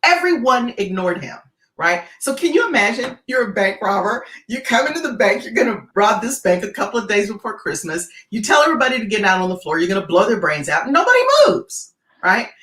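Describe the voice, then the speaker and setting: In an interview, a guest keynote speaker tells a gripping story at a brisk pace, her pitch swinging widely as the tension builds. She's animated and keeps slipping in "right?" to draw the listener along. A roomy echo surrounds her voice.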